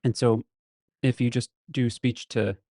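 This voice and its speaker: A man's voice: medium pitch, flat delivery, measured pace, dark tone, dry recording, clean studio sound. A man hosting a podcast, asking long searching questions and backing the guest with frequent "mm-hmm"s. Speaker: podcast host. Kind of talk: casual podcast interview.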